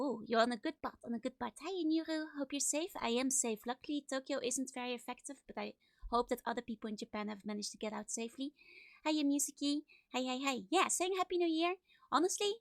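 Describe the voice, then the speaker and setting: A woman with a high-pitched voice chats casually with viewers on a live stream, sounding bubbly and giggly, a little sleepy, and slightly stuffy-nosed from a cold. She greets them over and over in sing-song runs. The audio is studio quality with no echo.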